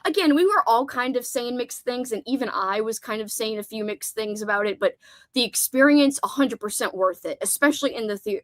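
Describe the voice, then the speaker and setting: Chatty higher-voiced woman host. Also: a little fast, fairly bright tone, no echo. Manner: chatty, rambling, reads comments aloud. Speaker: livestream host. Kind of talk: casual chat.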